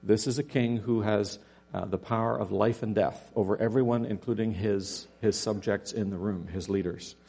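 Male preacher, low gravelly voice, dark and husky, animated storytelling, faint mains hum. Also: moderate pace. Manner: animated storytelling with dramatic rhetorical questions. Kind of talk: sermon.

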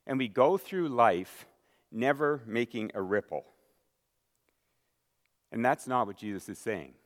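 A male pastor delivers his sermon with mounting emphasis, slowing and raising his voice on key lines before dropping back to a conversational tone. His voice sits at an ordinary middle pitch. The sound rings with the long reverb of a large hall. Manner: emphatic preaching with dramatic pauses and rising volume.

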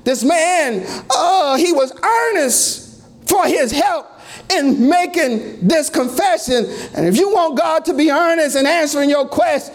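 A man preaching a fervent sermon in a church, shouting and chanting with rising cries. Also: very high voice.

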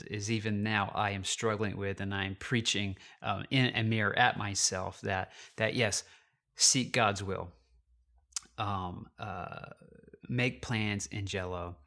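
A man's voice: lowish voice, bright, forceful tone. A man, a pastor, telling a personal story in a sermon, with many restarts and a confessional tone.

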